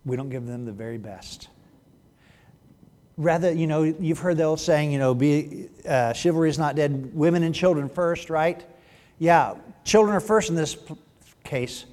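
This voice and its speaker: A man delivers a sermon from the pulpit, his voice a touch higher than most men's. He keeps it conversational and throws in joking asides to the congregation. His words carry a long reverb, as if filling a large church hall. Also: normal speed, a little mellow. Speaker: pastor.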